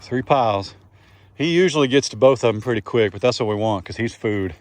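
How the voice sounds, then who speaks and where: A man's voice: medium pitch, brisk, dry recording. A man vlogging casually outdoors on his farm, chatting folksily and talking to his animals. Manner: folksy, talks to the animals in a singsong voice. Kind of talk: casual farm vlog narration.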